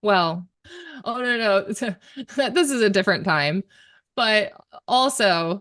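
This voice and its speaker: A woman's voice: on the low side, fairly bright tone, no room sound, studio quality. A woman guest on a podcast, telling a personal story with animation and acting out the dialogue she quotes. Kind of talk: conversational storytelling.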